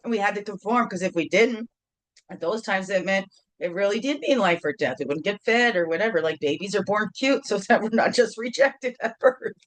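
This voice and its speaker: A woman's voice: mid-range voice, animated, a little fast, dry recording. A middle-aged woman hosting a casual morning video chat from home, playful and rambling, with sing-song bits. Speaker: host.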